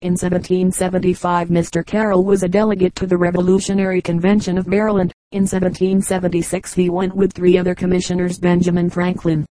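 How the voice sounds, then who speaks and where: A woman narrates an audiobook in a low, mellow voice. Her reading is measured and steady, with little rise and fall. The sound is dry and close. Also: no echo, low-quality recording. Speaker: audiobook reader. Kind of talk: scripted narration.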